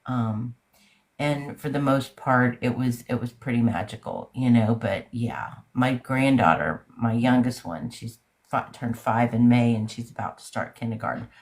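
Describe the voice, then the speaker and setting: A woman's voice: rumbling low, a little slow. Older woman, podcast guest; open, emotional, rambling talk. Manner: emotional, candid, rambling with restarts. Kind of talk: casual chat.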